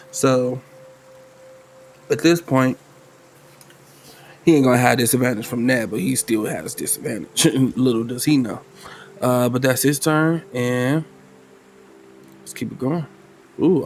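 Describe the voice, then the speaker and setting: A man's voice: mid-range voice, measured pace, long pauses, a little mellow, slight background noise. Slangy laid-back man narrating a solo game. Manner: loose, slangy, thinking aloud with laughs. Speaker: game master playing solo. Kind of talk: casual tabletop game narration.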